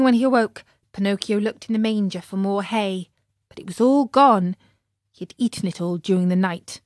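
A woman narrating a children's story in a gentle way, talking to young listeners. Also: on the high side, dry recording, clean studio sound.

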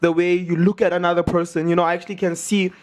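A man's voice: high voice, little pitch movement, fast talker. A man hosting a casual radio talk show, joking, boastful and a bit preachy.

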